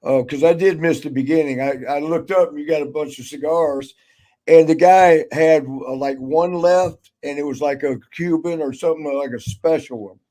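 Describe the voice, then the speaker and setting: Mellow-voiced older man telling stories. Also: on the high side, normal speed. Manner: rambling storyteller, acts out quotes. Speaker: guest, former wrestler. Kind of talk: casual chat, storytelling.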